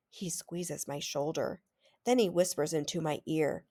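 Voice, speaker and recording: A teacher reading a children's chapter book aloud to her students with expressive storytelling. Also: on the low side, a little slow.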